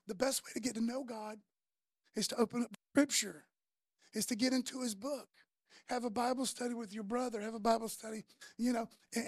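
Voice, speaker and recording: A woman preaching a casual sermon, slangy and conversational, telling the story in an animated way. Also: on the high side, vocal fry, no room sound, clean studio sound.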